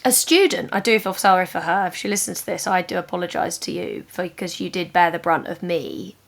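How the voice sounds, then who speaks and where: A woman podcast host telling a personal story in casual chat, animated and emphatic, with lots of "like". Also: on the low side, fairly quick, creaky. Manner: animated, emphatic retelling with many "like" fillers.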